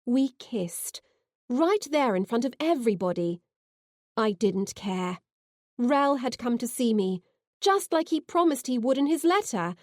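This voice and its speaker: A woman narrating a science fiction novel in the first person, expressive and heartfelt. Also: on the high side, measured pace, no echo, studio quality. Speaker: audiobook narrator.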